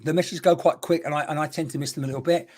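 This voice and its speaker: A man's voice: on the high side, fairly even intonation, racing, a little mellow. A man, giving a live online mediumship reading, chatty and rambling as he passes on messages and talks to viewers. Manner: chatty, rambling, exclaiming, talking to unseen spirits and viewers. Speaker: spiritual medium.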